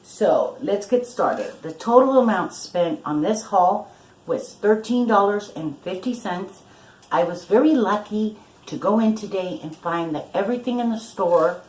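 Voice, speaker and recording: A woman's voice: lowish voice, darkish tone, reverberant, rough recording. An older woman chatting casually in a vlog, gushing over her thrift-store finds. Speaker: vlogger.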